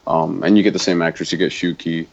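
Deep-voiced man in casual film chat. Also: little pitch movement, fast, creaky. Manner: rambling, filler-heavy. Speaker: podcast co-host. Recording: dull lo-fi audio.

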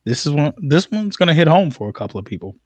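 A man's voice: on the high side, sing-song, quick pace, a little mellow, no room sound. A man hosting a casual podcast, reading news stories and arguing playfully with mock seriousness. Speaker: podcast host.

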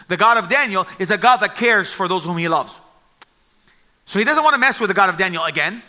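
A man preaching a sermon, retelling a Bible story with animated storytelling and acting out the voices of its figures. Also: high-pitched.

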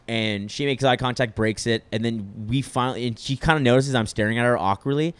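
A man's voice: mid-range voice, brisk, fairly bright tone, clear, resonant tone, dry recording. A young man telling a long story in casual chat, rambling with lots of filler words and swearing freely. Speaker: podcast storyteller.

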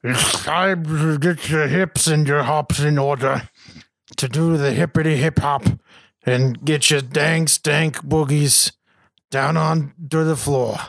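A goofy male poetry-corner host steps up to rap, as a man puts him on, with a slow, gravelly delivery. His rhymes land awkwardly and deliberately. The sound is dry and close. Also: on the high side, steady tone, fairly bright tone, dry recording, full character voice.

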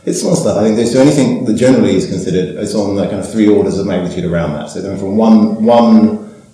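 A man's voice: on the low side, fast, warm tone, heavy reverb, a little hiss or hum, low-quality recording. A man co-hosting a casual science chat, explaining things in a dry, orderly way. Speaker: podcast co-host, scientist.

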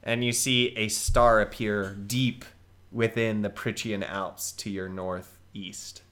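A man narrates as game master of a tabletop game, describing each scene in a relaxed way. He speaks slowly, with a bright, forceful tone. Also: lowish voice.

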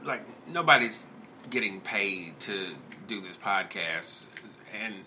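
A low-pitched man hosting a group podcast, his voice bright and forward. He talks in a halting, sincere way, restarting his sentences, and faint noise sits under the recording. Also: animated. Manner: halting, heartfelt, many restarts. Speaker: podcast host. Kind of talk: casual chat.

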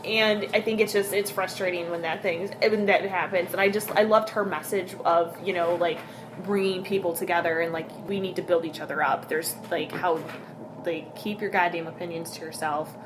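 Profane, animated woman storyteller, noisy recording. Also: fairly low pitch, normal speed. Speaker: podcast co-host. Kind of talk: casual chat. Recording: noisy background hiss.

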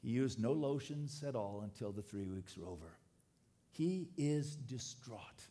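A man preaching a sermon, animated and dropping to quiet tones for emphasis. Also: mid-range voice, a little slow. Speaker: pastor.

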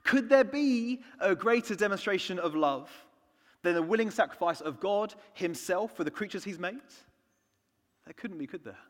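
British guy preaching, kinda high voice, earnest, goes soft then punchy, big reverb church sound. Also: animated, normal speed. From United Kingdom. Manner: earnest, swings from soft to emphatic. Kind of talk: sermon.

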